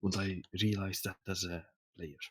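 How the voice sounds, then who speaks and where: A man at a tabletop game, with a lowish, husky voice recorded dry and close. He questions the game master thoughtfully and casually. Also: flat delivery, moderate pace, no echo, poor audio. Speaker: player.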